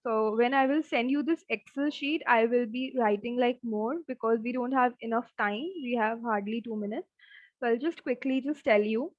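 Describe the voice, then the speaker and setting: A woman teaching a language class, slowly drilling words and saying each one over and over. Her voice sits a little high. The recording is dry and dull, with a lo-fi sound. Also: no echo. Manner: slow, repeats each word several times. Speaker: German teacher. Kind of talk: online language lesson.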